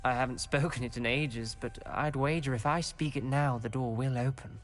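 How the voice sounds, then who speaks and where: An actor playing a reserved, wary young male wizard student in a video game, speaking in a measured, formal and guarded way. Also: medium pitch, steady tone, slight background noise, natural voice. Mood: solemn.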